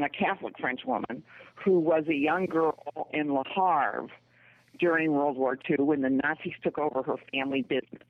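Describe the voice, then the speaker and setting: A woman who writes books, calling into a radio interview. She tells her stories slowly and earnestly. Her voice comes through a tinny, phone-like line. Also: deep voice. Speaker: author and radio guest.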